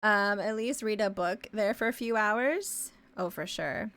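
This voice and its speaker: A woman from Ontario, chatting casually as a live streamer while she draws. She thinks aloud with many fillers and often trails off into quiet mumbles. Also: mid-range voice, unhurried. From Canada, Ontario. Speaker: live streamer and pixel artist. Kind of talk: casual chat while drawing.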